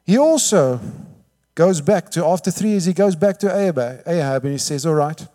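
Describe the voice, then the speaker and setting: A man preaching a sermon, telling the story lively, acting out the quotes and often asking "all right?". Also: on the high side, moderate pace. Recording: long hall reverb.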